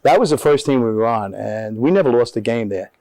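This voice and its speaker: A man's voice: mid-range voice, a little fast, no room sound. An older man, a former basketball player telling stories as an interview guest, often checking in with "all right?". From Jersey City, New Jersey. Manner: animated storyteller, tags lines with "all right?". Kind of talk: storytelling in casual conversation.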